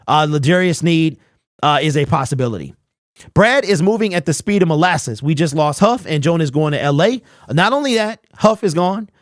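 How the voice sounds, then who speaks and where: A man's voice: a little high, dry recording, studio quality. A young man hosting a live sports talk stream, ranting bluntly, reading chat messages aloud and firing off rhetorical questions. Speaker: host.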